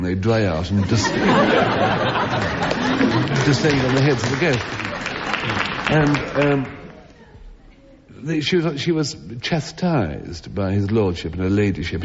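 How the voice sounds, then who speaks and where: Male comic panelist, lively rambling anecdote, reverberant theatre on 1970s radio. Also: fairly low pitch, background noise. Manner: rambling, self-interrupting storyteller with chuckles. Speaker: comedy panelist. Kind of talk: comic anecdote told to a live audience. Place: theatre stage before an audience. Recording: old lo-fi radio broadcast with hall reverb.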